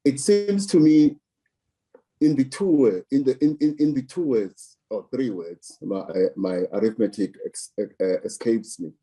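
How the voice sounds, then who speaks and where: A man from South Africa speaks slowly and deliberately, leaning on repeated words to drive his points home. His voice is deep and dark, with a husky edge. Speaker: political commentator. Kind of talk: measured political commentary.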